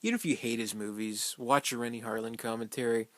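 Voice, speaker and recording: A man's voice: medium pitch, fairly even intonation, fast, no room sound. A man giving a casual, rambling fan commentary on a film, loose and profane, full of fillers and small chuckles.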